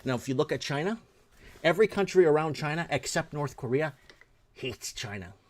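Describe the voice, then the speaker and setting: A man's voice: a little high, expressive, fairly quick. A man hosting his own talk show, ranting in solo commentary, blunt and profane and often repeating himself.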